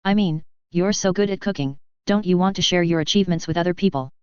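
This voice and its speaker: A narrator voicing a sharp, dry-humored teenage schoolgirl, lightly teasing and matter-of-fact. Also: medium pitch, quick pace, clear, resonant tone, no echo, dull audio, natural voice.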